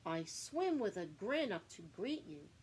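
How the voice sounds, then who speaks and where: A woman's voice: mid-range voice, sing-song, a little slow, a little mellow, slight background noise. A woman voicing a sly, grinning shark who coaxes small fish closer, reading a storybook aloud. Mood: coaxing.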